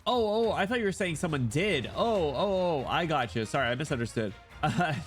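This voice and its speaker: A man's voice: fairly high pitch, faint music behind. A man streaming a game while sick, chatting with viewers and reading dialogue aloud. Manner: chatty and animated, quick asides with laughs. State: sick, voice cracking.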